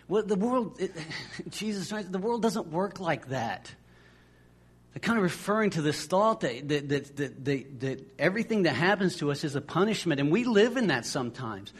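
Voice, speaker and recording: A man's voice: fairly high pitch, slightly rough. A man preaching a sermon as pastor, in a conversational way, often repeating words as he restarts a phrase and acting out the voices of people in the stories.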